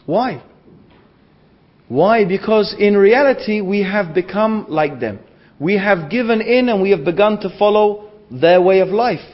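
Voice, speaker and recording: A man's voice: sits high, lively intonation, a little slow. A man giving a religious lecture to an audience, rhetorical and repeating phrases for emphasis. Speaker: Islamic lecturer. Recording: dull lo-fi lecture recording.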